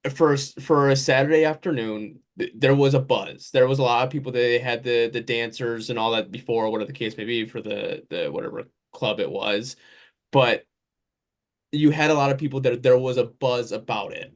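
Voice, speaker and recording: A man hosting a relaxed sports podcast, with a voice that sits right in the middle of the usual range. He rambles along in a loose, conversational way, drifting through lists and side remarks as he goes. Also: mid-range voice, normal speed. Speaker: podcast host. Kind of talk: casual sports podcast chat.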